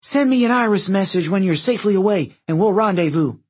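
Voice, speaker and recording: A man voicing a brave, determined teenage girl who speaks in firm, steady commands. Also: high voice, fairly quick, breathy edge, pitched above the performer's own voice. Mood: resolute.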